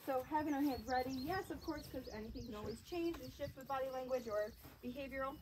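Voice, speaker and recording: A woman with a high voice works as a dog trainer, explaining each step of the session in a calm, clear voice. She praises the dogs often and warmly. The recording has clear background noise from outdoors. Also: fast talker. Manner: warm, encouraging praise mixed with calm explanation.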